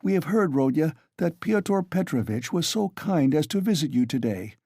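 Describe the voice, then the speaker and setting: A timid middle-aged mother, fretful and pleading, her voice lifted high and wavering, as a male narrator puts her on. The tone stays dark and mellow, with lively rises and falls. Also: moderate pace, no room sound, clean studio sound. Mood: anxious.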